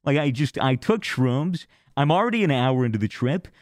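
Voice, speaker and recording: A young man telling stories in casual podcast chat, animated and swearing freely as he acts out what people said. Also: medium pitch, moderate pace, no room sound, clean studio sound. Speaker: podcast guest.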